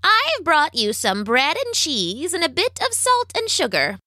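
A woman's voice: high-pitched, huge pitch swings, measured pace, sharp tone, no room sound, studio quality, voice pushed up, exaggerated voice. A woman voicing an old, bent-backed witch in a storybook reading, speaking in a cooing, sing-song way. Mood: sweetly bossy.

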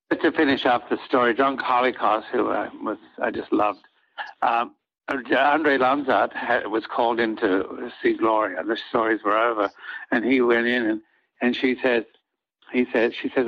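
Husky older man spinning showbiz anecdotes. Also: mid-range voice, moderate pace, muffled recording. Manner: rambling, acts out quoted lines of others. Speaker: soap opera actor, guest. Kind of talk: anecdotal storytelling in an interview.

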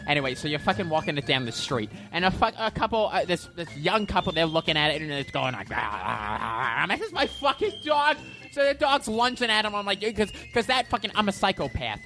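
A woman's voice: mid-range voice, very animated, quick pace, hardly any pauses, a bit bright, faint music behind. A woman voicing a foul-mouthed, hotheaded man who rants nonstop and laughs like a maniac. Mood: ranting. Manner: constant swearing, ranting, manic laughter. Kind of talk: comedy character monologue.

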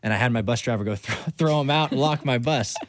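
A man guesting on a podcast, telling a story in a casual, animated way and laughing easily into a studio mic. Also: medium pitch, fast, no room sound. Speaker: race car driver, guest.

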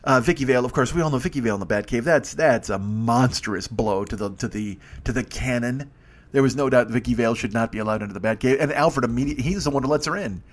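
A man's voice: medium pitch, rapid-fire, few pauses. A man hosting a comedy podcast, delivering a rambling, profane, self-mocking monologue full of digressions. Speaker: podcast host.

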